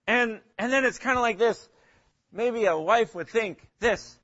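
A man's voice: very high voice, a little slow, bright, forceful tone, dull audio. A man leading a casual Bible study, talking hesitantly with frequent chuckles and acting out little quotes. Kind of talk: casual interactive Bible teaching.

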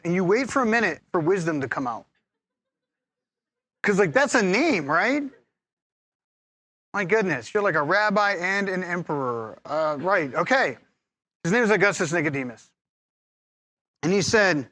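A man preaching a sermon as pastor, lively and humorous, teasing his congregation and laughing often. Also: high-pitched, moderate pace, pauses often, no echo.

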